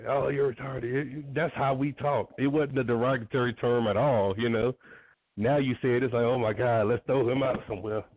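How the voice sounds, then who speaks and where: A man's voice: medium pitch, fairly even intonation, a little fast. A man who laughs easily, a wrestler guest talking enthusiastically in a casual chat. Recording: tinny phone-like line with faint hiss.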